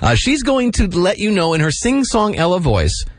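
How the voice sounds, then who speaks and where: A man hosts a morning radio show, his voice a little high and husky. He talks with jokey, quick patter and lots of rise and fall in his tone. The sound is close and dry. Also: huge pitch swings, dry recording. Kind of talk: upbeat radio banter.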